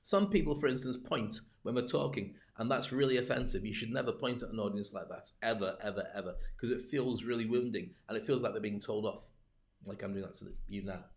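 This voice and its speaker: A man's voice: fairly low pitch, a little fast. A man coaching on public speaking in a livestreamed talk, full of joking, rambling asides.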